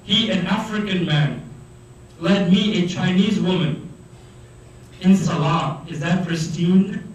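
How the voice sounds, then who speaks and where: Animated male lecturer in an echoey hall. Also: high voice, slow. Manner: animated, acts out voices of students. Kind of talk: religious lecture to students. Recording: echoey hall, mic far off, faint noise.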